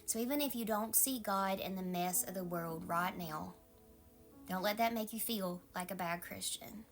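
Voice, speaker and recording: A woman pastor with a Southern accent, giving a calm, maternal devotional sermon and often dropping into a soft whisper. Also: mid-range voice, moderate pace, faint music behind.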